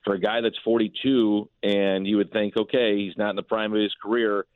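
A man's voice: on the low side, little pitch movement, a little fast, dry recording. A man who works as a baseball broadcaster, chatting as a guest on a sports radio show in a conversational way. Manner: conversational, lots of fillers and restarts. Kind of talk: casual sports radio chat. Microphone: phone. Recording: tinny dry phone line.

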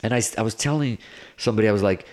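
Lowish-voiced man telling rambling stories. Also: rapid-fire. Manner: animated, rambling, filler-heavy with many "like"s. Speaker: guest guitarist. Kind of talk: casual interview storytelling.

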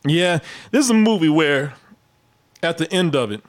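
Animated, profane man chatting about movies. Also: a little high, normal speed. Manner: animated, profane, laughing asides. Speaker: podcast co-host. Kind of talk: casual movie-review chat.

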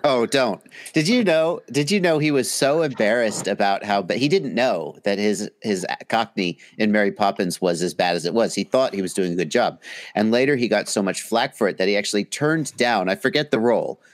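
American guy rambling and joking at himself, lowish voice. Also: brisk. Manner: chatty, self-mocking, joking. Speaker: guest. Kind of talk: casual livestream chat.

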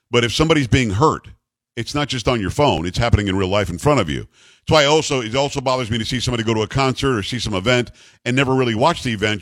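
A man's voice: mid-range voice, fairly bright tone, no echo. A male talk radio host, blunt and opinionated, reading ads and taking calls with self-mocking jokes. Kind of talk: talk radio and live ad reads.

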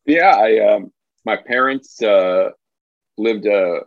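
A man from the US East Coast with a general American accent, a historian speaking as a guest in a measured way. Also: on the low side, dry recording. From Queens and northern New Jersey. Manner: measured, frequent uh fillers. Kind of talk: casual interview chat. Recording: dull lo-fi remote audio.

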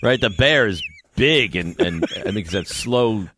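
A man's voice: on the low side, lively intonation, a little slow, bright, forceful tone, slight background noise. A man co-hosting a sports radio show, bantering and laughing, breaking into dramatic mock growls. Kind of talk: casual studio banter. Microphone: studio microphone.

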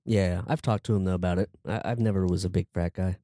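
Rambling man telling a story, mellow. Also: sits low, fairly even intonation, fast talker, no echo, clean studio sound. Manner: rambling storyteller, many fillers and restarts. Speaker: podcast co-host. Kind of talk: casual chat.

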